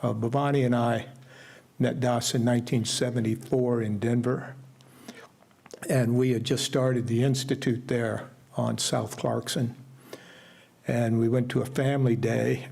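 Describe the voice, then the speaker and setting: An older man sharing a personal remembrance at a memorial service, telling stories in an unhurried way with asides. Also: mid-range voice, creaky, darkish tone. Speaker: memorial speaker. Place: ashram gathering hall.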